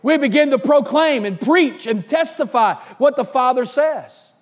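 A man's voice: very high voice, animated, a little slow. A man preaching a sermon, quoting scripture aloud and often restarting and repeating his words.

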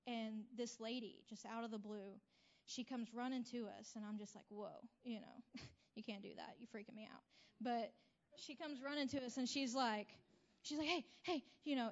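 A young woman with a fairly high voice shares an emotional personal testimony before a group. She talks in a chatty way, full of "like" and "you know", and her voice swells with feeling. The recording sounds dull and lo-fi. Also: darkish tone. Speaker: returned mission intern sharing testimony.

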